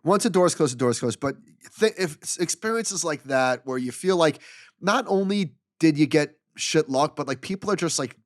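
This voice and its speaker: A man's voice: on the high side, moderate pace, no room sound, clean studio sound. Exasperated man telling a story. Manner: animated, exasperated retelling with quoted dialogue. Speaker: podcast co-host. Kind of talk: casual storytelling chat.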